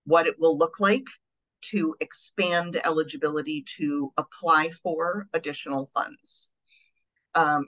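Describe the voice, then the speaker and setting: A woman's voice: deep voice, fairly bright tone, poor audio. Earnest woman giving an advocacy update. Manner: earnest, conversational with frequent ums. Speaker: advocacy staff presenting at a meeting. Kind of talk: meeting update.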